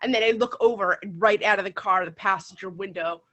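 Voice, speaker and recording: A woman's voice: medium pitch, brisk, a bit bright. A woman co-hosting a podcast, talking casually and filling her sentences with "like". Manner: chatty, lots of "like" fillers. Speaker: podcast co-host. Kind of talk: casual chat.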